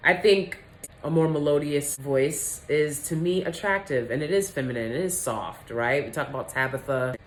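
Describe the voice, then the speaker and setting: A low-voiced woman giving a candid, casual vlog monologue, animated and quick to laugh. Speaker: vlogger.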